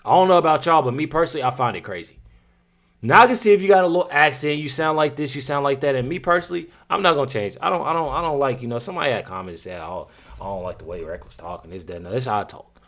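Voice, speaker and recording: A man's voice: on the high side, lively intonation, rapid-fire, fairly bright tone. A man hosting a reaction video, talking in a casual, slangy, repetitive way and sometimes laughing in disbelief.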